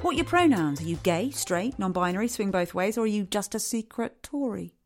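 In a comedy podcast, a man with a high, expressive voice speaks a little fast over soft background music. He voices his own subconscious as a needling, sarcastic inner voice, mocking and teasing.

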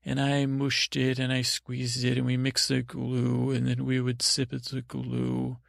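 A man tells a bedtime story with a gravelly, low-key voice, drifting and stopping to restart his sentences. The sound is dry and close, with no room around it. His delivery wanders on purpose, slow to settle on a point. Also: completely flat delivery, dry recording. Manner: meandering and halting, full of restarts and fillers. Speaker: podcast host telling bedtime stories.

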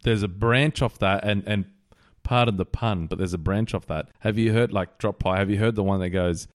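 Chatty Australian man, lowish voice. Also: fairly even intonation, moderate pace. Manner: chatty, jokey, laughs often. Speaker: podcast co-host. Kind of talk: casual chat.

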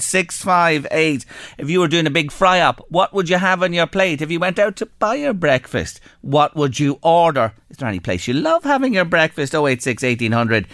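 An Irish man hosting a radio phone-in show, chatting in an animated, curious way as he reads out listener texts. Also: on the high side, no echo, clean studio sound. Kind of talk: lively radio chat, reading listener texts. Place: radio studio.

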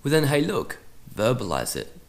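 A man's voice: medium pitch, wildly swooping pitch, normal speed. A man hosting a soccer podcast, giving direct motivational advice and acting out short conversations with a coach. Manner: direct, coaching tone, acts out dialogue.

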